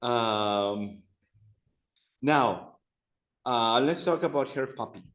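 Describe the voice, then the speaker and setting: A man's voice: medium pitch, extremely slow, fairly bright tone, low-quality recording. A man teaching an adult Spanish class, patiently repeating words for his students to practice.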